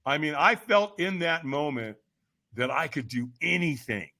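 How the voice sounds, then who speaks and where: A man telling a personal story as a podcast guest, lively and emphatic, acting out quoted lines with sudden shouts. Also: on the high side, a little slow. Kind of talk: animated storytelling in conversation.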